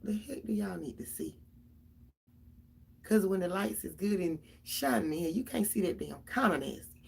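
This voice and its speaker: A woman's voice: mid-range voice, lively intonation, normal speed, gravelly, a little mellow, breathy edge. A middle-aged mother, venting casually and profanely straight to her viewers about her kids.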